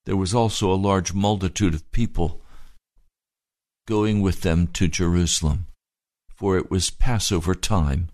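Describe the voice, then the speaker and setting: Slow, low-voiced male pastor. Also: steady tone, darkish tone, no echo, studio quality. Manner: deliberate, phrase-by-phrase retelling. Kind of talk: sermon storytelling.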